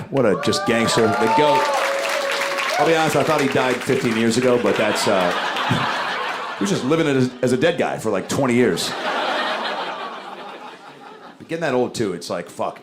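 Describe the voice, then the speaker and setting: A man's voice: fairly low pitch, brisk, a loud crowd. A man performing a stand-up comedy set on stage, talking conversationally and dropping into voices. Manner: conversational, animated, doing voices. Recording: live show with loud background noise.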